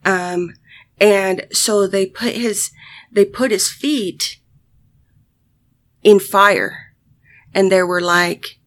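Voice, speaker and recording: A woman vlogger telling a personal story to her audience, halting with many fillers and restarts, swearing often and sighing. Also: medium pitch, a bit bright. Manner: emotional, sighing.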